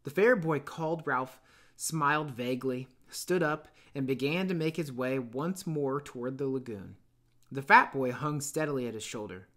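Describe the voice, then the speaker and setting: A male teacher reading a novel aloud to his students in an expressive, measured storytelling manner. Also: mid-range voice.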